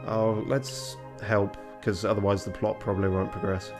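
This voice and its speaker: A man's voice: fairly low pitch, level tone, normal speed, few pauses, music in the background. Self-mocking man streaming a game. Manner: rambling, self-mocking, swears casually. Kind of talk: casual let's play commentary.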